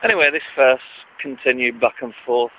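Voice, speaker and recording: A man's voice: mid-range voice, normal speed, muffled recording. A man with a Wigan accent telling comic stories in a chatty, dry, self-mocking ramble, recorded outdoors at night.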